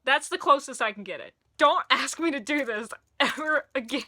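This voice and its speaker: A woman's voice: high voice, background noise. A young woman with a Middle Tennessee accent, animatedly reviewing music in a casual video and laughing often. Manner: animated, laughing, quick bursts of excitement.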